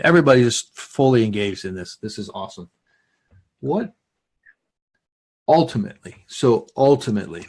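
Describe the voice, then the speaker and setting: A man hosting a live interview show, enthusiastic and encouraging as he asks questions and reads viewer comments. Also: mid-range voice. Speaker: interview host.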